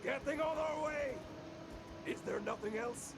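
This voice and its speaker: An actor voicing a battle-hungry barbarian warrior unit in a strategy game, calling out rough battle cries. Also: male voice, extremely high pitch, unhurried, exaggerated voice. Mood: battle-ready. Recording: noisy game audio, heard from afar.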